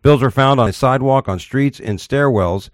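A man's voice: mid-range voice, normal speed, dry recording, clean studio sound. A man hosting a casual talk show, reading odd news stories aloud and giving blunt, profane opinions with stumbles.

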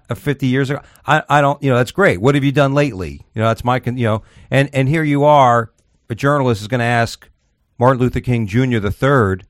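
A man's voice: medium pitch, dry recording, studio quality. A man hosting a podcast in casual chat, rambling and profane as he tells stories. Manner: profane, rambling, animated storytelling. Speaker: podcast host.

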